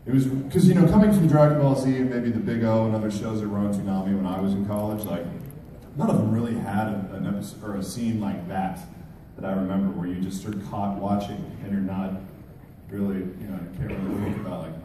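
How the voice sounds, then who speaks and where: A man in his thirties, a guest at a fan panel, telling stories with excited bursts of quoted voices. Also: fairly low pitch, quick pace. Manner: lively storyteller, jumps into loud excited quoted voices. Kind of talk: animated anecdote at a fan panel. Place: large convention hall with audience. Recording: very echoey hall, far from mic, crowd noise.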